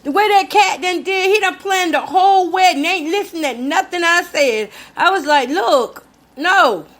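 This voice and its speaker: Chatty older woman, high voice. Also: moderate pace, a bit bright. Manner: chatty, emphatic, addresses listeners as y'all. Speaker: show host. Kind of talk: casual storytelling vlog. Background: talks while cooking.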